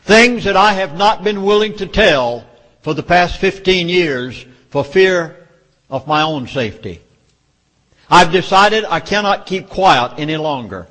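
Urgent and emphatic, a Southern-accented man lectures listeners at a public meeting in a hall with long reverb. His high voice is animated and fairly bright, yet he speaks unhurriedly.

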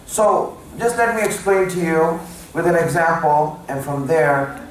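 A man's voice: fairly high pitch, unhurried. A man preaching a sermon to a mourning gathering, pressing his listeners with repeated rhetorical questions. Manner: rhetorical questions, emphatic and repetitive. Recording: echoey hall, distant mic.

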